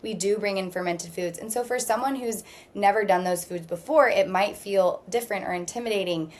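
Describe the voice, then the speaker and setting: Calm, reassuring woman practitioner guest. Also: mid-range voice, a little fast. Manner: steady, reassuring, explains at length. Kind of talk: calm explanatory interview talk.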